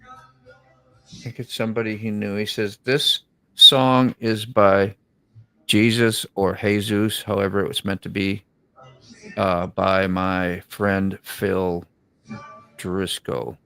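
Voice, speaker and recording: A man's voice: fairly low pitch, little pitch movement, slow pace, creaky, long pauses, sharp tone, clear, resonant tone, dry recording, soft background music, low-quality recording. A man hosting a casual chat in a laid-back way, full of "you know" and "man". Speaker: show host.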